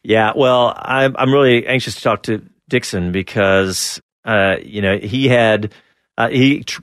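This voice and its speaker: A man's voice: lowish voice, no room sound, studio quality. A man co-hosting a sports radio show, chatting casually about racing and laughing easily between rambling restarts.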